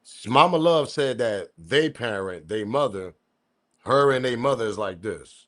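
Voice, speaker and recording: A man's voice: mid-range voice, expressive, unhurried, a bit bright. A man from the US East Coast with his accent, hosting a casual live-stream commentary with slangy, loose talk and chuckling asides to his chat. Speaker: commentary channel host.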